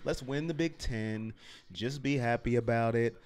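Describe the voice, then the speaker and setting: A man's voice: mid-range voice, a little slow, a little mellow, clear, resonant tone. A man co-hosting a fan watch party stream, openly emotional and rambling about his team. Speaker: co-host and fan. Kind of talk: casual fan chat.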